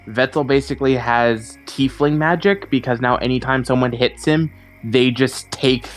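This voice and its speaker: A man's voice: mid-range voice, moderate pace. A man playing in a tabletop game, chatting casually and joking with the group. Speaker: player. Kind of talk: casual chat. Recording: faint background music.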